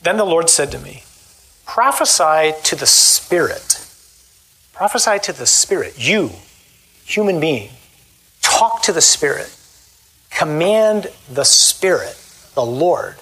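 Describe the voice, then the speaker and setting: Husky priest, animated, acting out quotes. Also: male voice, on the high side, unhurried, pauses often, poor audio. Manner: animated, acts out voices in quotes. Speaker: Catholic priest. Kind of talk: talk and closing prayer.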